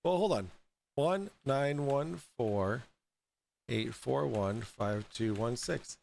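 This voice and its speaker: Slow, rambling, tipsy male host. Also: medium pitch, expressive, vocal fry, a little mellow. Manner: rambling, halting with fillers. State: drunk and high. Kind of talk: casual livestream commentary.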